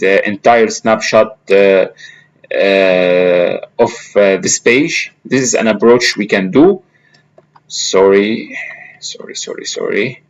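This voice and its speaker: Slow, halting man with many fillers. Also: on the low side, rough recording. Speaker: instructor. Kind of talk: screen-recorded software tutorial.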